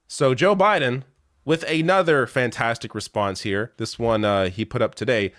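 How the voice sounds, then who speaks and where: A man's voice: sits high, normal speed, a bit bright, no echo, studio quality. A man giving blunt, profane online political commentary, rattling off lists with rising, incredulous emphasis.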